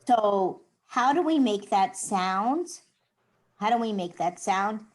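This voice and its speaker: Middle-aged American woman, slow and patient teacher, demonstrates sounds. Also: mid-range voice, animated, rough recording. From United States. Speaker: Hebrew teacher. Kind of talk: online class lesson.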